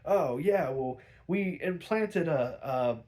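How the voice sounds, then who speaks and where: A man's voice: a little high, animated, extremely slow, darkish tone. A man voicing a cocky young male sidekick, speaking in a smug, offhand way.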